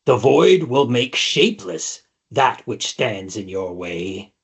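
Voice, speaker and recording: A man voicing a possessed woman seer whose voice turns deep and unearthly, speaking slowly and ominously. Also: big pitch swings, gravelly, breathy edge, heavily acted. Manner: slow, ominous intoning. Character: possessed seeress woman, void voice.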